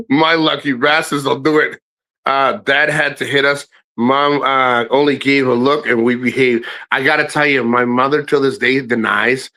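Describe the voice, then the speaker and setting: A middle-aged man hosting a live stream, telling profane family stories to his chat in a casual, animated way, his voice jumping high when he quotes people. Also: measured pace, low-quality recording. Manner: animated, swearing, voice jumps high for quoted lines.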